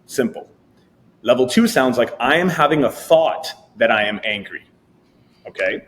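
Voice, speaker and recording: A man's voice: medium pitch, normal speed, slight background noise. Male coach explaining step by step. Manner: explains step by step and acts out lively inner voices. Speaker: guest coach. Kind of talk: explanatory interview talk.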